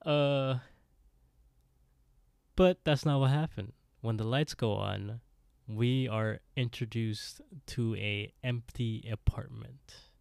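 A man's voice: medium pitch, slow, creaky, a little mellow, clear, resonant tone, no room sound, studio quality. A man co-hosting a podcast, casually recapping a TV episode, laughing often, swearing freely and briefly acting out the characters. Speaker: podcast co-host.

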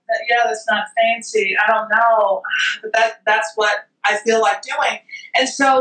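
A woman chef telling a story as a guest, expressive and loud, acting out what people said. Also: fairly high pitch. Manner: expressive, acts out quotes, exclaims loudly. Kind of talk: animated storytelling chat. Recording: echoey room, distant from mic.

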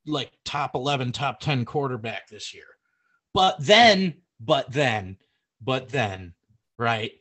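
A man co-hosting a live sports prediction show, excitable and rambling, laughing easily. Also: medium pitch, slightly rough. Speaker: podcast co-host. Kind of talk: casual sports prediction chat. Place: home setup streamed live.

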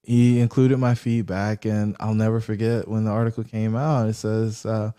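Male guest, storyteller, warm low tone, acts out dialogue. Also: moderate pace, clean tone. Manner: animated storyteller acting out quoted dialogue. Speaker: real estate investor guest. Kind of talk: storytelling in a podcast interview.

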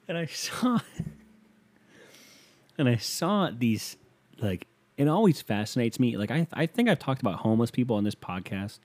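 A man's voice: lowish voice, dark tone. A young man hosting a podcast from his bedroom, talking in a rambling, profane, self-mocking monologue. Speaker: podcast host. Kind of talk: casual solo podcast monologue.

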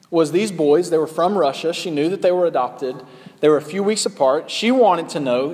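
A man's voice: fairly high pitch, big-room sound. A man preaching a sermon in a conversational way, with frequent ums and uhs. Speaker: pastor.

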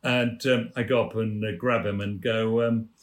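A man's voice: fairly low pitch, level tone, moderate pace. An older man, a theatre producer and guest, telling stories in a leisurely, amused way and acting out the people in them. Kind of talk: anecdotal storytelling.

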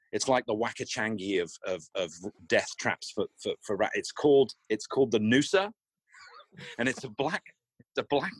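A middle-aged Australian man telling a comic anecdote, halting and restarting his words often. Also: lowish voice, breathy edge, no echo. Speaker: guest storyteller.

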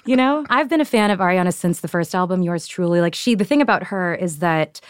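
A woman guest critic chatting about pop culture in a wry, quick way. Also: on the low side, expressive, a little hiss or hum. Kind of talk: casual pop culture chat.

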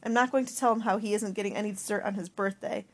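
A woman's voice: medium pitch, steady tone, fast, lightly acted. A woman voicing a stern mother who rations food, giving clipped commands and weary lectures in an audiobook. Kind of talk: audiobook character voice.

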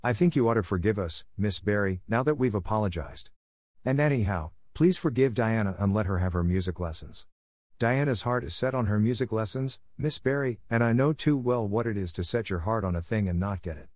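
A man's voice: fairly low pitch, animated, brisk, a little mellow, no echo, studio quality. A man voicing an eager, dramatic young girl who talks in an earnest, impulsive, pleading way.

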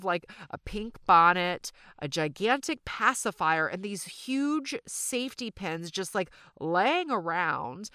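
A middle-aged woman with a Southern accent tells a personal story on her podcast, chatty and self-deprecating. Her voice sits a little low yet sounds bright. The recording is dry and close. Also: clear, resonant tone, dry recording. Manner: chatty, self-deprecating, addresses listeners as y'all. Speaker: podcast host.

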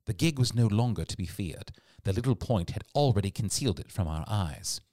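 A man narrating a classic adventure story in an expressive storytelling read. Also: fairly low pitch, brisk, no echo, studio quality. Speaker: audiobook narrator. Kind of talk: scripted narration.

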